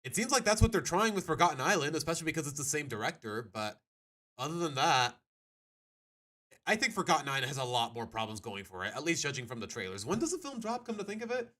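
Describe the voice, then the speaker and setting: A man live-streaming his reactions to videos in casual, animated chat, groaning and laughing as he goes. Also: fairly high pitch, fast.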